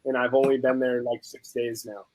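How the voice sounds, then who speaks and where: A young adult man and host of a food channel, chatting casually and telling a story with lively acted-out quotes. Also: medium pitch, moderate pace, rough recording. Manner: animated storyteller, acts out quotes.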